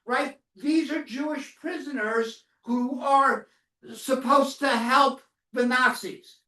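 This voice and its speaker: High-voiced woman telling a survival story, echoey hall. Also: fairly even intonation, bright, forceful tone. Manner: questions the audience often and waits for answers; slow, solemn storytelling. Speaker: Holocaust educator speaking to students. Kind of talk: first-person survival testimony to a live audience. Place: classroom or lecture hall. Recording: echoey room, mic far off.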